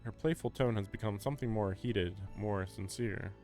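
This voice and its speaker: A man's voice: fairly low pitch, normal speed, warm tone, faint music behind. A man streaming a visual novel, reading its text aloud and breaking off into wry, chatty commentary.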